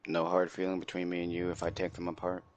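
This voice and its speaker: A man playing in character in a tabletop game, hesitant and deadpan. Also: low-pitched, fast talker. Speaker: player.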